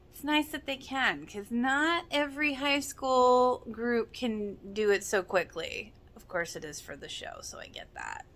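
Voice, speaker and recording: Excitable woman gushing over a TV episode. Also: mid-range voice. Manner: excitable, gushing, laughs often. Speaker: podcast host reacting to a TV episode. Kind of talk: casual reaction commentary.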